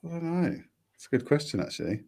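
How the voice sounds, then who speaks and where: A man co-hosting a podcast in casual chat, with a deep radio-style voice and a rambling, self-deprecating way of talking. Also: big pitch swings, fast, gravelly, background noise. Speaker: podcast co-host.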